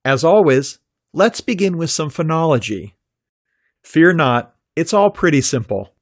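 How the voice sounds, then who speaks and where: Male narrator for a pronunciation lesson: slow and deliberate, holds out example sounds, dry close-mic read. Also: a little high, animated, dry recording. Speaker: pronunciation teacher. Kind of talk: scripted instructional narration.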